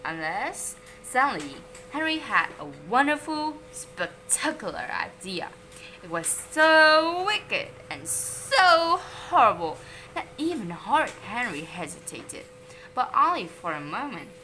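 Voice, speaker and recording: A woman whose first language is Vietnamese, reading a children's story aloud in an expressive storytelling manner. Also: fairly high pitch, measured pace, a little hiss or hum.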